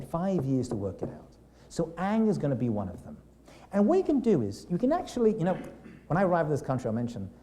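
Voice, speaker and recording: Man, rabbi lecturing a class, very lively pitch, warm mellow tone. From England. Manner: animated, acts out quoted lines, asks the room questions. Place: classroom in New York City.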